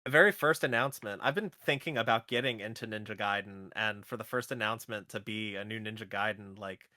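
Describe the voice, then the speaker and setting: A man co-hosting a gaming podcast in casual chat, chatty and quick to laugh, often restarting his phrases. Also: lowish voice, pushed and bright, no echo, studio quality. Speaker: podcast co-host.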